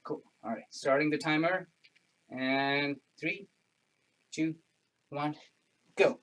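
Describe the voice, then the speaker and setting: Male fitness instructor, slightly high voice, slow unhurried delivery, breathless from exercising, chatty and joking through the burn. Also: fairly bright tone. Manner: chatty, jokes and laughs through the effort. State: panting from exercise. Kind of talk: home workout class instruction.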